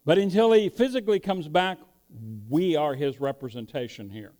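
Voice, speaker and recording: A man's voice: fairly high pitch, very animated, normal speed, dark tone. A man preaching a sermon, asking rhetorical questions and building emphasis as he teaches. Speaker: pastor.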